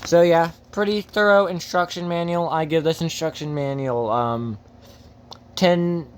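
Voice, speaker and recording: A man chatting loosely through an unboxing, his voice sitting a little high for a man. He rambles, cracks jokes, wanders off topic and swears casually along the way. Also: measured pace, slight background noise. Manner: rambling and jokey, goes off on tangents. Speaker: host.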